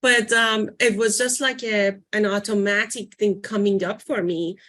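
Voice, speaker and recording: A woman leads a workshop in a relaxed, conversational teaching voice. She often pauses and reaches for words, filling the gaps with small hesitations. Her pitch sits in an ordinary middle range. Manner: conversational, searching for words with frequent fillers. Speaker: workshop presenter. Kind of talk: informal teaching talk.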